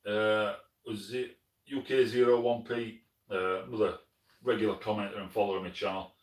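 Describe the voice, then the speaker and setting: Low-voiced South Yorkshire man, echoey room. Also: little pitch movement, normal speed, far from the mic. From Sheffield, South Yorkshire, England. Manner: friendly, plain-spoken, often calls viewers mate. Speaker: hunting channel host. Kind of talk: live stream chat answering viewer comments. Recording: echoey room, mic some way off.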